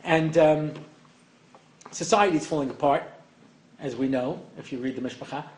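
A man's voice: on the high side, normal speed, a little mellow, slight background noise. An older man giving an evening lecture to an audience, rambling and joking with many asides. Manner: rambling and joking, heavy on "you know". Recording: echoey room, faint ambience.

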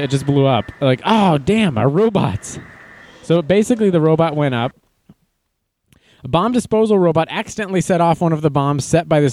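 A man's voice: fairly high pitch, a little mellow, no echo. A man casually reading news aloud and adding wry, jokey asides as an online commentator.

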